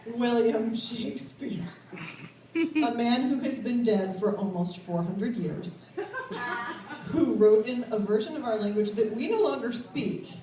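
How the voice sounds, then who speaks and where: A woman's voice: fairly high pitch, a little slow, dark tone, distant mic. A woman performing a stand-up routine on a comedy stage, sardonic and rising to mock outrage. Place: comedy stage before a laughing crowd. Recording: echoey live room mic, audience laughter.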